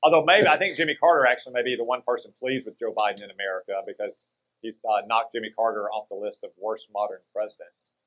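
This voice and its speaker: Measured low-voiced senator, dull audio. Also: male voice. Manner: measured, lecturing, deliberate. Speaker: U.S. senator, guest. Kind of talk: political interview.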